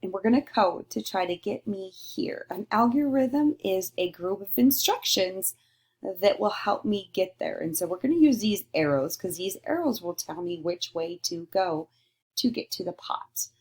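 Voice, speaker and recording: A woman teacher giving a recorded lesson to young children, slowly sounding out letters and praising answers. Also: mid-range voice, animated, darkish tone, husky. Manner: slow, sing-song and encouraging, sounding out letters.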